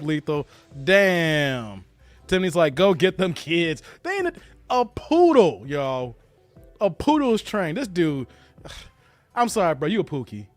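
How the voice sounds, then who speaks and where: A man's voice: high voice, no room sound. A man hosting a live reaction show, reading out chat comments and laughing often. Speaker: show host reacting to a clip.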